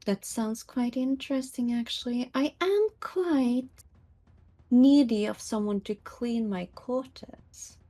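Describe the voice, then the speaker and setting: A woman's voice: a little high, slow, mellow. A woman voicing a flamboyant, greedy sky pirate who talks in a coy, theatrical way.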